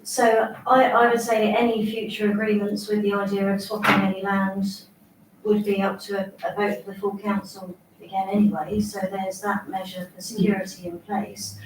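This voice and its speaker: A woman's voice: medium pitch, level tone, normal speed. An Englishwoman at a council meeting, explaining matters in a matter-of-fact way. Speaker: council member. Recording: echoey chamber, distant mic, background hum.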